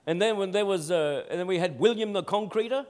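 A pastor preaching a sermon, calling out for amens and dropping to a soft, intimate voice at times. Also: male voice, high voice, fast. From Netherlands. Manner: call-and-response preaching, asks for amens.

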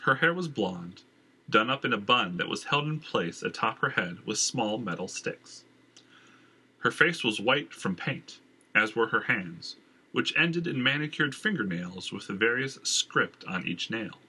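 A man's voice: on the low side, lively intonation, unhurried, pushed and bright, breathy edge. A man narrating a fantasy novel aloud in a casual read, dropping in filler ums. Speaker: audiobook reader. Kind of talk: fiction narration.

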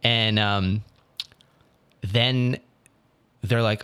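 A man's voice: medium pitch, moderate pace. Casual young man telling a story. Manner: animated storytelling, swearing, quoting others. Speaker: actor telling about auditions. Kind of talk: casual chat.

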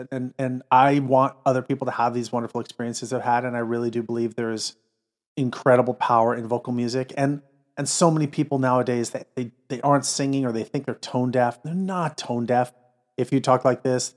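Energetic, earnest man guest. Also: mid-range voice, moderate pace. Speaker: a cappella producer and arranger, guest. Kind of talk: enthusiastic interview talk.

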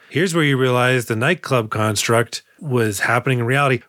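A man co-hosting a movie podcast in casual chat, rambling with plenty of fillers and swearing. His voice sits at an ordinary middle pitch. It is recorded close and dry, with no room sound. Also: moderate pace, few pauses, fairly bright tone, no echo. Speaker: podcast co-host.

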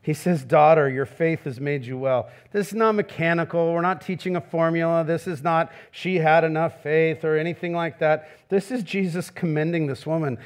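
A pastor preaching a sermon, dropping soft and low for quoted words, then rising high and excited with rhetorical questions, laughing at his own jokes. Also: normal speed, hardly any pauses.

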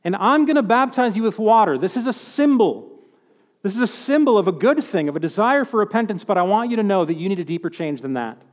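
A man's voice: sits high, big pitch swings, fast talker, in a large hall. A man preaching a sermon in a conversational way, with joking asides.

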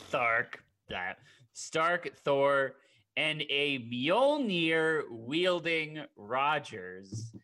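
A man co-hosting a podcast, recapping a film in casual, profane, animated chat and humming the score. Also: fairly high pitch, extremely slow. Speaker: podcast co-host.

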